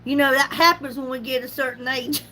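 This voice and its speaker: Chatty high-voiced woman. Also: steady tone, a little fast, pushed and bright, slight background noise. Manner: chatty, laughs often, greets viewers by name. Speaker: beauty livestream host. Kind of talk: casual makeup live chat.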